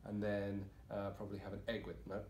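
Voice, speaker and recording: A man in his twenties co-hosts a podcast full of playful banter, jumping into silly bits in casual comedic chat. His lowish voice is monotone, a little mellow, and fairly quick. The recording has a roomy echo with faint noise.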